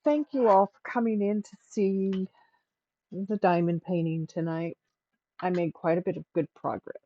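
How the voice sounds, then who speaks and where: A woman's voice: lowish voice, fairly even intonation, moderate pace, warm tone, a little hiss or hum. A middle-aged woman hosting a craft livestream, chatting to herself and to viewers as she works. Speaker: livestream host. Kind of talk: casual chat while crafting. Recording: dull, lo-fi dry sound.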